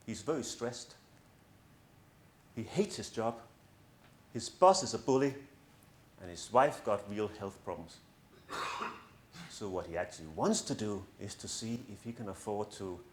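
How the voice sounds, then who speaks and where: A man's voice: fairly low pitch, a little mellow. Earnest middle-aged man in an echoey room. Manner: earnest, persuasive, with light self-mocking humor. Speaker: coach and speaker. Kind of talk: presentation to an audience. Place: large room in front of an audience.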